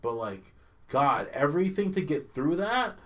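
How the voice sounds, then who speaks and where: A man's voice: on the high side, sing-song, measured pace, a bit bright. A young man casually chatting on a podcast, ranting with profanity and exasperation and doing mocking impressions of characters. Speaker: podcast co-host. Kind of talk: casual chat.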